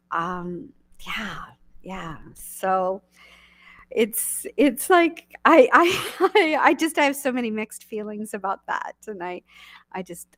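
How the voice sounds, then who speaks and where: A woman minister leading a church service, speaking with halting restarts and soft laughs. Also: lowish voice, no echo. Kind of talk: emotional casual thanks in an online church service.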